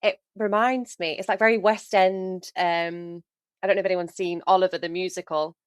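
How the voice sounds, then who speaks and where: A woman's voice: lowish voice, steady tone, clear, resonant tone, no room sound. Enthusiastic woman chatting on her reaction vid, dry close sound. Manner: enthusiastic, chatty, pauses to comment. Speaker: reaction video host. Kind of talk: casual chat.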